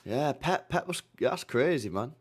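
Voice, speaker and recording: A man's voice: mid-range voice, expressive, moderate pace, slightly rough. A man running a live football reaction stream, blunt and slangy, swearing freely as he reacts to the play.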